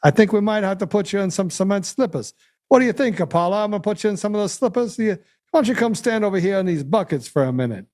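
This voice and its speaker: A smooth-talking, threatening mob enforcer, as a man puts him on, his voice pitched well up from the man's usual tone. He coaxes and taunts in a mock-friendly way. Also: lively intonation, fast, darkish tone. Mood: menacing, mocking.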